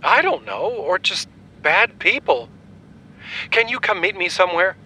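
A man's voice: sits high, sing-song, measured pace, bright, forceful tone, slightly rough, pitched above the performer's own voice, full character voice, poor audio. A man doing Carrie, a scared young woman. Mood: anxious. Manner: anxious, pleading.

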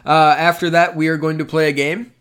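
A man's voice: a little high, flat delivery, a little fast, fairly bright tone, smooth. A young man hosting a casual sports podcast, upbeat and joking, slipping into ad reads. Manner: upbeat, reads ad copy, jokes around. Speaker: podcast host.

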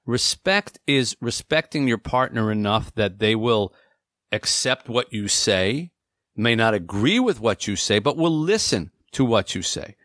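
A man in his forties co-hosting an advice talk show, speaking earnestly and slowing down to stress his key points. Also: on the low side, expressive, fairly bright tone, dry recording, clean studio sound. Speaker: co-host.

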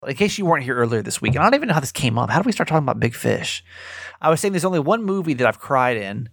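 A man's voice: medium pitch, big pitch swings, racing, gravelly, a little hiss or hum. A man hosting a podcast in casual chat, rambling and repeating himself as he talks. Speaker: podcast host.

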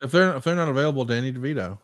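A man's voice: medium pitch, rapid-fire, no echo, studio quality. A man co-hosting a podcast, reading listener questions aloud and prodding with teasing follow-ups. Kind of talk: casual chat.

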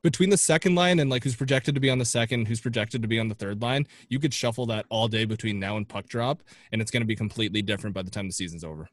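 A man's voice: lowish voice, fast talker, few pauses, no echo. Male guest on a sports podcast, chatty analyst, dry close sound. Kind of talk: casual sports chat.

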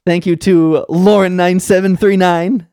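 A man's voice: sits high, fairly even intonation, a little slow, warm tone, clear, resonant tone, dry recording. A man co-hosting a podcast in chatty, easygoing talk, laughing easily. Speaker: podcast co-host. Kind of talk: casual chat.

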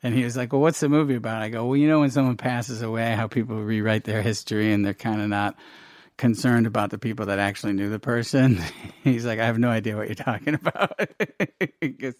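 中年男性、笑いを交えて生き生きと話す語り手. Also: male voice, lowish voice, quick pace, dry recording, clean studio sound. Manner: animated storyteller, laughs often, acts out quotes. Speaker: filmmaker guest. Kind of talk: casual interview chat.

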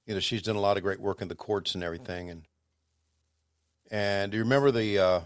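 A man's voice: fairly low pitch, smooth, no echo. Rambling storytelling man, dry sound. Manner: rambling storyteller, halting restarts. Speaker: podcast co-host, former wrestling commentator. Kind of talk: casual chat.

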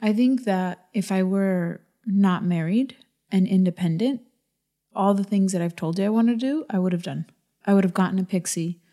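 Casting note: woman, 30s, earnest and insistent, mellow and dark-toned. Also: medium pitch, normal speed. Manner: earnest, pressing her point with quoted asides. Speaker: podcast co-host. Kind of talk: candid couple conversation.

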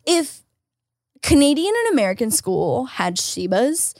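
A woman co-hosting a podcast in casual chat, excitable and giggly, who swears casually and gushes over cute things. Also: fairly high pitch, measured pace, no room sound, clean studio sound. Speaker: podcast co-host.

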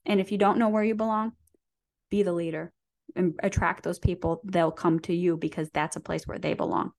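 A woman's voice: lowish voice, steady tone, fairly quick, gravelly, darkish tone. A woman guest on a podcast, talking in a coaching, motivational way with frequent "right?" and "you know". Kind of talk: motivational conversation.

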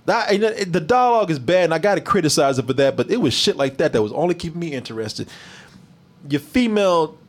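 A man reviewing a movie in casual chat with a live stream, animated and profane, mocking bad lines. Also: fairly high pitch, fast.

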